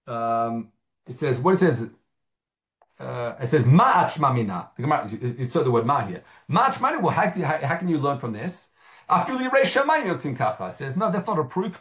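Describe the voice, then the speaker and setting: Lively man teaching a Talmud lesson. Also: a little high. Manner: reads Aramaic phrases then explains them in English, with frequent fillers and restarts. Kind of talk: Talmud study lesson, reading and translating.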